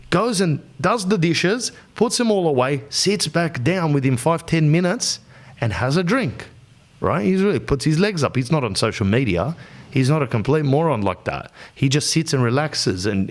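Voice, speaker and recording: An Australian man hosting a podcast, telling a casual story in slangy talk, peppered with "bro" and acted-out quotes. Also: on the high side. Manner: animated, slangy, says "bro" often, acts out quotes. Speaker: podcast host.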